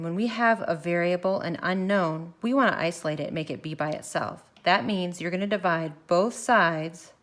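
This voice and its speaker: Woman math teacher, slightly low voice, recorded lesson, talks students through each step, thinks aloud. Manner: walks through steps slowly, thinking aloud. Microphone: phone camera filming her worksheet.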